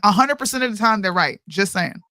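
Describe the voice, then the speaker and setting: Bright-voiced woman in her thirties. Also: medium pitch, animated, fairly quick, slight background noise. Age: 30s. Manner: emphatic, says "bro" a lot. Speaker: podcast co-host. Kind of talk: casual chat.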